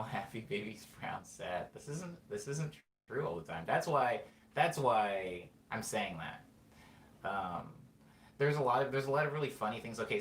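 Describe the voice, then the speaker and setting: A man's voice: lowish voice, a little hiss or hum. A man talking through a casual, rambling monologue as host, full of fillers and restarts. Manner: rambling, filler-heavy, self-correcting. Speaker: podcast host. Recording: echoey room with faint ambience.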